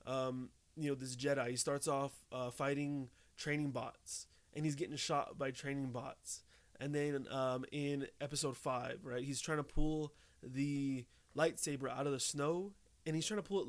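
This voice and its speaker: A young man giving casual tips to camera, talking conversationally and often checking in with "okay?" and "right?". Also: medium pitch. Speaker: tabletop game tips host.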